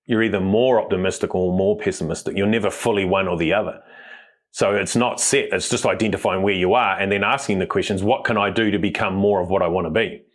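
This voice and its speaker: A man, a mindset coach, explaining ideas as a guest in a podcast interview, quick and emphatic, with stories from the farm. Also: low-pitched, fairly even intonation.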